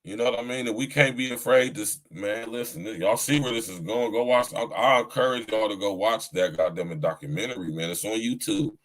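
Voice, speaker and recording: A man's voice: lowish voice, fairly quick, hardly any pauses, fairly bright tone, low-quality recording. A man hosting a casual live podcast, talking loose and profane with lots of slang and laughter. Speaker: podcast host. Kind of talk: casual live-stream chat.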